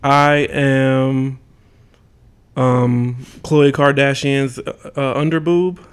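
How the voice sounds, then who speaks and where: A man's voice: medium pitch, flat delivery, very slow, smooth. A young man co-hosting a casual podcast, dropping dry, teasing quips. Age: young adult. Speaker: podcast co-host. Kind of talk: casual chat.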